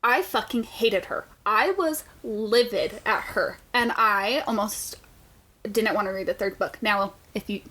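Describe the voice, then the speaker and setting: A woman co-hosting a book podcast in casual chat, animated and profane, laughing often. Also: medium pitch, measured pace. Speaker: podcast co-host.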